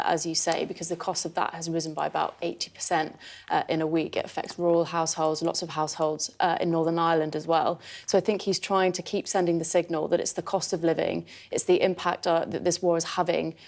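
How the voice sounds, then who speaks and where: A woman correspondent explaining a political story live, measured with many fillers. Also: fairly low pitch, fairly even intonation, gravelly, a little mellow. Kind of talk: live news report.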